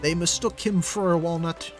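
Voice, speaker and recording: Wry low-key male streamer. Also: steady tone, moderate pace, faint music behind. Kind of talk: casual gaming commentary.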